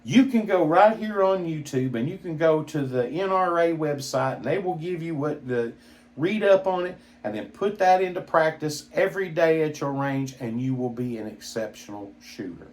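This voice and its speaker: A man's voice: on the high side, lively intonation, moderate pace. A middle-aged man hosting a gun channel, giving a blunt, exasperated opinionated monologue with mild swearing.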